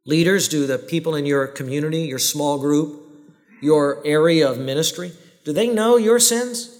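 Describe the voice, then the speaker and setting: A man's voice: fairly high pitch, normal speed. Man preaching in an echoing church. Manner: earnest, direct preaching with voiced prayers and quoted excuses. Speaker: pastor. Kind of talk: sermon. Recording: long hall reverb.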